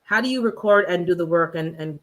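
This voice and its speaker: Chatty woman telling lively stories. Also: a little fast. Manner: animated storyteller, acts out quotes with big pitch jumps and laughter. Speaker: channel host. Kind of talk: casual chat.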